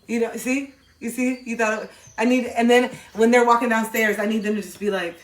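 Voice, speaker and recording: Playful female streamer, casual chat to viewers, animated, goofy sound bits, echoey room. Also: on the high side, brisk, a little hiss or hum. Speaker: livestream host talking to chat.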